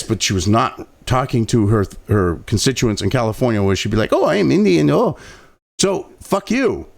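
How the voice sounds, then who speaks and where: A man hosting a political commentary show who reads an article aloud and breaks into profane, mocking rants, stumbling and restarting over the words. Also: on the high side. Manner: profane and mocking, with frequent outbursts.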